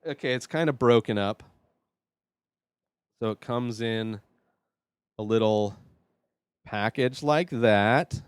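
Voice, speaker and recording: A man's voice: mid-range voice, takes it slowly, pauses often, smooth, dry recording. Nervous, rambling man hosting a vlog. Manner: nervous and rambling, many fillers; swings between quiet mutters and loud outbursts. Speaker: show host. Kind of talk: casual solo vlog.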